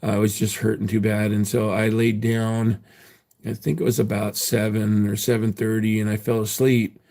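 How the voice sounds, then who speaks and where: A man's voice: on the low side, flat delivery, normal speed, warm tone. A man telling a story casually on his livestream, rambling with many fillers and restarts.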